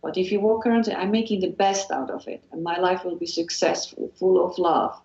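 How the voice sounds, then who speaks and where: A woman's voice: on the low side, steady tone, fairly quick, creaky, a little mellow, roomy sound, dull audio. A woman from Switzerland with a Swiss accent, a guest hypnotherapist talking earnestly in an interview and often repeating phrases and restarting sentences. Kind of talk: motivational interview talk.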